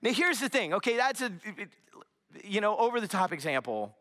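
A young adult man preaching a sermon, telling a story with lively animation and dropping to a hushed whisper for emphasis. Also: high voice, normal speed. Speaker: pastor.

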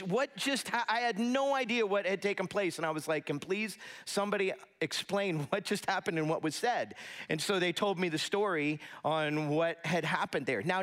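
A man's voice: a little high, a bit bright. A middle-aged man as pastor, preaching a conversational sermon with storytelling and asides in a church sanctuary.

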